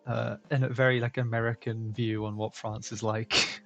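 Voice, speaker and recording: A man's voice: mid-range voice, flat delivery, normal speed, vocal fry, fairly bright tone, soft background music. A man hosting a drawing stream, chatting casually and joking. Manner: chatty, joking, laughs often. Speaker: stream host.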